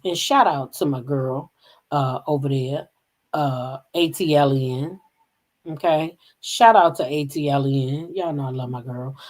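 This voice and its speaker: A woman's voice: a bass voice, a little mellow, husky. Gossip host, woman; profane, sassy, heated unscripted commentary.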